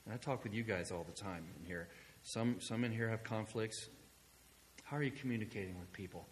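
A male pastor preaching a sermon in a conversational storytelling manner, moving between hushed asides and loud, excited passages. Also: on the low side, a little fast, long reverb tail, a little hiss or hum.

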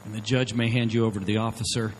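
A man's voice: lowish voice, level tone, fast talker, slight background noise, low-quality recording. A middle-aged man preaching as a pastor, telling stories in a conversational way and often checking in with "okay?". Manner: conversational storytelling, frequent "okay?" check-ins. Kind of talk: sermon.

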